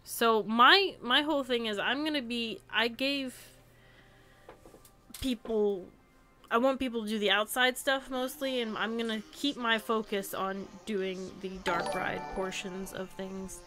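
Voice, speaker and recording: A young woman streamer chats through her build in an unhurried, giggly way. Her voice is bright and clear, and soft music plays faintly under her talk. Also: a little high, fairly even intonation. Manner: chatty, giggles often. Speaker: live streamer. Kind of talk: casual game stream chat.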